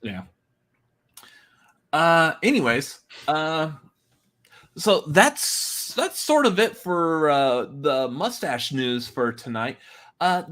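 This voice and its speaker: A man's voice: fairly high pitch, sing-song, slow, long pauses, fairly bright tone. A man co-hosting a casual podcast chat, hesitant, with many fillers and restarts, laughing often. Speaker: podcast co-host.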